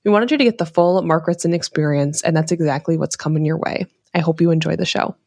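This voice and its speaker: A woman's voice: low-pitched, quick pace, gravelly, a little mellow, dry recording. A woman hosting a marketing podcast, reading a polished intro and asking questions. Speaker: podcast host. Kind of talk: scripted podcast host intro and interview.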